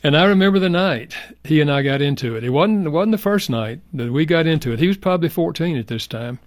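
Un homme âgé, invité d'une émission, raconte avec sincérité et douceur une histoire personnelle. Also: male voice, on the high side, animated, quick pace, dry recording, clean studio sound. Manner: earnest, soft-spoken, reflective. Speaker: guest. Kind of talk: heartfelt personal storytelling.

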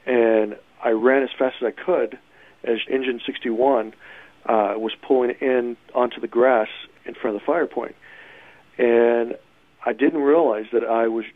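A man tells his story in a halting, restarting way, full of small fillers. His voice comes through a tinny, narrow phone line. The sound is dry, with no room around it. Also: mid-range voice, no room sound. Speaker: interviewee recounting an event. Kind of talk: personal account.

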